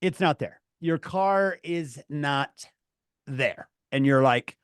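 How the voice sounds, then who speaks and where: A man with a slightly high voice leads an online class for teenagers, telling an animated story and jumping into different voices for the dialogue. His voice comes across dry and close, with no room sound around it. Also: slow, clean tone, no room sound. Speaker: teacher of teenagers. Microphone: video call.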